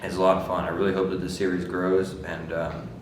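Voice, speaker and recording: A man's voice: sits low, little pitch movement, fairly quick, background noise. A man who races motorcycles, telling rambling stories in a casual interview, laughing often and saying "like" a lot. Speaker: motorcycle racer.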